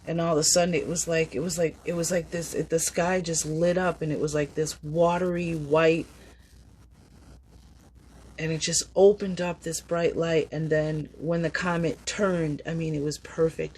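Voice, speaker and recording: A woman giving a casual, upbeat tarot reading, chatty and quick to laugh. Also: low voice, flat delivery, a little mellow, slight background noise, poor audio. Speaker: tarot reader.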